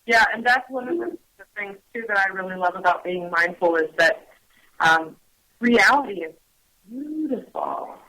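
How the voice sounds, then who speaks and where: A woman speaks gently on a radio talk show, searching for her words with frequent pauses and restarts. Her voice has a bright, clear edge at a medium pitch. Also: lively intonation, rough recording. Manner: gentle, hesitant, full of ums and restarts. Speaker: guest on mindfulness. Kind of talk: casual radio chat.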